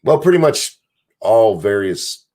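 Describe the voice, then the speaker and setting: Hoarse, lively-pitched man ranting. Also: a little slow. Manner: blunt, rambling, reads out viewer messages. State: strained, hoarse voice. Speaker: streamer and show host. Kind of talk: casual political rant on a live stream. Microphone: desk mic.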